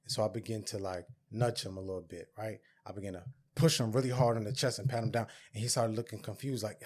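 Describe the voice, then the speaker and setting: A man of ordinary pitch hosts a podcast and talks through a personal story in an earnest, reflective way. He slips into the voices of both people in a conversation as he retells it. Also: fairly quick, darkish tone. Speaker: podcast host.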